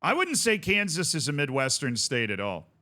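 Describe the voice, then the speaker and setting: A man's voice: on the high side, sing-song, moderate pace, pushed and bright. A man streaming a game, chatting casually with viewers in rambling, jokey asides. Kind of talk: casual gaming stream chat.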